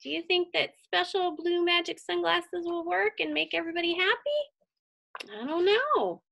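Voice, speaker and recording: A woman reads a picture book aloud to young children. Her voice is high, bright and very lively in pitch. She takes her time and pauses to ask the listeners questions. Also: gravelly. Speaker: children's story reader.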